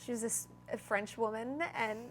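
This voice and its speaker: A woman's voice: fairly high pitch, steady tone, moderate pace, slight background noise. Bubbly young woman actor. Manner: bubbly, lots of "like", laughs while talking. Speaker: actor, interview guest. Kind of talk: casual interview chat.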